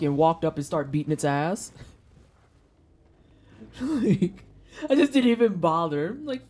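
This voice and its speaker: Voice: mid-range voice, measured pace, pauses often, darkish tone. A streamer chatting casually with viewers during a gameplay session, swearing freely and joking around. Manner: profane, joking, talks to chat. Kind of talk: casual livestream chat while gaming.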